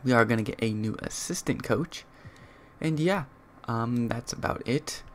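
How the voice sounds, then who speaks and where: A man's voice: mid-range voice, moderate pace, a little hiss or hum. A young man giving casual gameplay commentary, thinking aloud with frequent fillers as he talks through his moves. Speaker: gaming youtuber.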